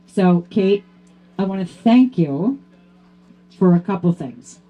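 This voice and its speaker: A woman honors her teammate with a hall of fame award, delivering an emotional tribute as she holds back tears before building to a loud, excited finish. She speaks slowly in a mid-range voice, and the audio sounds dull.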